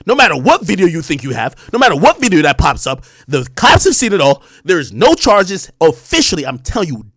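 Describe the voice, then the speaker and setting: A man in his thirties streams to his chat, insistent and defiant, repeating himself for emphasis and swearing freely. His voice sits a little high and jumps around a lot in pitch. The sound is dry and close, with no room around it. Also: fairly bright tone, no echo. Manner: emphatic, repetitive, defiant, with profanity. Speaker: streamer host. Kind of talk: livestream monologue to chat.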